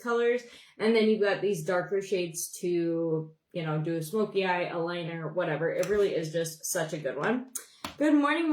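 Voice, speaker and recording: On a makeup livestream, a young woman from Montana, USA, chats casually, rambles and greets viewers by name as she does her makeup. Her voice sits at a medium pitch and sounds reverberant.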